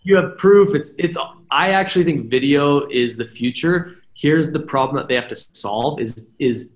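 A man's voice: fairly high pitch, normal speed. A man chatting as a podcast guest, explaining at length with frequent "right?" asides. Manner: animated, talks in long explanations with many "right?" asides. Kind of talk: casual podcast chat. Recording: roomy echo.

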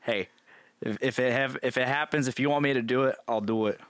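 A man's voice: mid-range voice, brisk, fairly bright tone, no room sound. Laughing man, dry close sound. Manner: laughs often, swears, rambling restarts. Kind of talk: casual chat.

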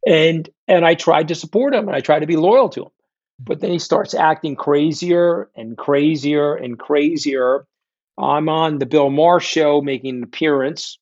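A man's voice: on the high side, normal speed, darkish tone, dry recording, muffled recording. Blunt New Yorker man telling war stories. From New York. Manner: blunt, profane, combative. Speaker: guest. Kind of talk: candid interview storytelling. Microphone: remote call.

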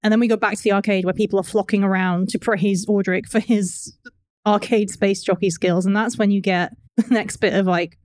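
A woman's voice: mid-range voice, steady tone, a little fast, darkish tone, no echo, studio quality. A woman co-hosting a podcast, recapping a cartoon in casual chat, laughing often and acting out the characters' lines. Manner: giggly, acts out characters' lines. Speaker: podcast co-host.

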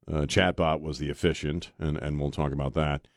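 A man's voice: rumbling low, fairly even intonation, moderate pace, no echo. A man hosting a talk radio show, speaking bluntly and sarcastically with frequent hesitant fillers, in a studio at a microphone. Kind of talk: opinionated talk radio monologue.

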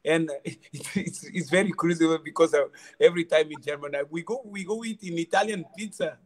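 High-voiced man in halting English. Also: a little hiss or hum. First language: not English. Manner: halting non-native English, repeats words, frequent laughs. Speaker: former footballer, interview guest. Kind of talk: casual storytelling interview.

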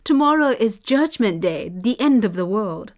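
A woman's voice: medium pitch, animated, normal speed, a little mellow, lightly acted. A woman voicing a group of scheming male priests in a storybook reading, putting on fake wailing. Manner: mock wailing.

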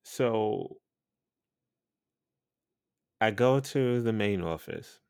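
A man's voice: lowish voice, extremely slow, darkish tone, clean tone, no room sound, studio quality. A man hosting a podcast, telling a story in a blunt, profane, chatty way and laughing now and then. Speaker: podcast host and radio personality.

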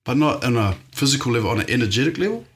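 A man's voice: medium pitch, sing-song, rapid-fire, soft background music. A man from New Zealand with a New Zealand accent, a podcast guest talking casually and enthusiastically, laughing often.

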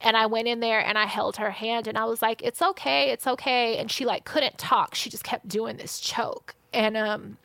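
Bright-voiced candid woman podcaster. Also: on the high side, level tone, moderate pace, vocal fry, hardly any pauses, dry recording. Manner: candid, swears freely, emotional. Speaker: podcast co-host. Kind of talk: casual chat.

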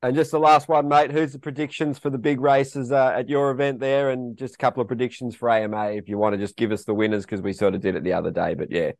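A man's voice: medium pitch, steady tone, quick pace, creaky, hardly any pauses, a little mellow, no echo, studio quality. An Australian man co-hosting a casual podcast chat, matey and throwing questions to his co-host.

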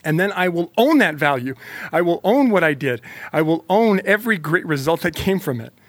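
Fired-up motivational man, higher voice. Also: very animated, a little fast, no room sound. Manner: emphatic, repetitive, fired-up; talks directly to the listener. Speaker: motivational speaker. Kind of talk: motivational monologue.

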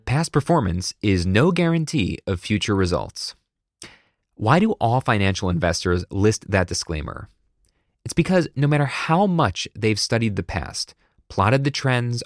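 Tired, low-energy man talking casually. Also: no echo, studio quality. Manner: conversational, often adds a questioning "right?". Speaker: speaking coach. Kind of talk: casual talking-head monologue.

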